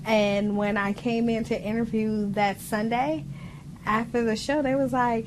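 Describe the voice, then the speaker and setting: A woman with a squeaky voice, a radio co-host who talks earnestly and with passion. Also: steady tone, unhurried, noisy background.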